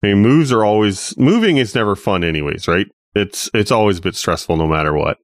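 A man's voice: on the low side, animated, fairly quick, no echo. A man co-hosting a podcast, chatting casually and easygoing, with dry jokes. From Canada. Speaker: podcast co-host. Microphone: home studio mic.

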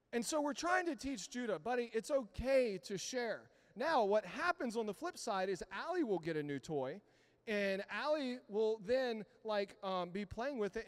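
High-voiced man preaching in a reverberant hall. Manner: conversational storytelling, asks the congregation for responses. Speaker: pastor. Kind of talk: sermon. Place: church sanctuary. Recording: long reverb of a church hall.

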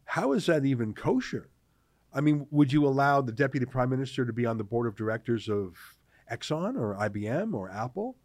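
A man from Canada hosting political commentary, talking in an animated, sarcastic way. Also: mid-range voice, fairly quick, no echo, studio quality. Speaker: host.

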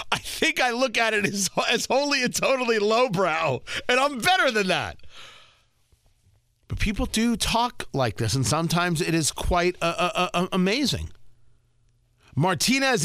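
A man's voice: sits high, bright, forceful tone, no room sound. A man hosting a talk radio show, giving indignant, sarcastic commentary into a studio microphone.

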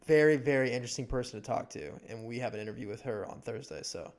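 A man's voice: medium pitch, lively intonation, fast, darkish tone. A young man in his twenties co-hosts a podcast in an everyday, mid-range voice. He talks casually and leans on "like" over and over, often restarting his sentences as he goes. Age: 20s. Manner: filler-heavy, says "like" often. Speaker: podcast co-host.

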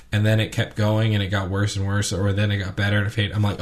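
A man co-hosting a podcast, chatting casually and ranting with animated asides. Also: lowish voice, quick pace, few pauses. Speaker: podcast co-host.

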